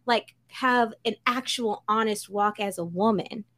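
A woman chatting casually on a podcast, expressive and quick to laugh. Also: mid-range voice. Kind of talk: casual chat.

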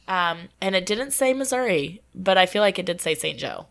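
Lower-voiced woman, podcast co-host; casual storytelling, lively and animated, acts out quotes. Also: normal speed, creaky, few pauses.

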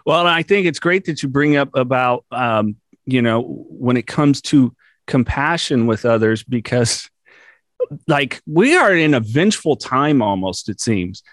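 A man's voice: mid-range voice, expressive, a little slow, fairly bright tone, no room sound, studio quality. Laid-back, reflective man host. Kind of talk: casual podcast conversation.

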